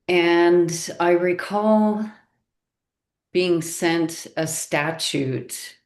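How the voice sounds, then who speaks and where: Slow low-voiced woman asking a question. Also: darkish tone, roomy sound. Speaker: audience member asking a question.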